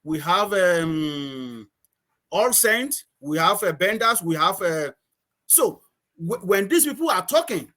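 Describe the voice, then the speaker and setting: High-voiced Antiguan man telling stories. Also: very animated, slow pace, bright, forceful tone. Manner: storytelling, repeats words, laughs often. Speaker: guest. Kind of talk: casual chat.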